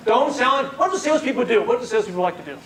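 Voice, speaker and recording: A man's voice: very high voice, lively intonation, very fast, crowd noise. A man giving a live sales workshop, asking the audience questions and repeating their answers back. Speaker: sales trainer. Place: meeting room with a live audience.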